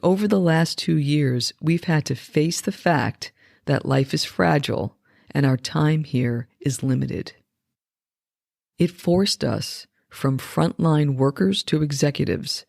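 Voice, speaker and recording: Fifties guy, wellness coach reading his essay out, slow and measured, kinda gravelly. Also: on the high side, darkish tone, no room sound, clean studio sound. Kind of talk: reading a reflective essay aloud.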